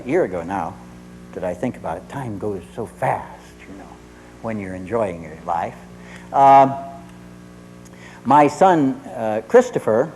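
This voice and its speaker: A man's voice: medium pitch, a little hiss or hum, poor audio. A middle-aged man, a therapist, telling a humorous story to an audience and acting out the dialogue. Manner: lively storyteller who acts out dialogue.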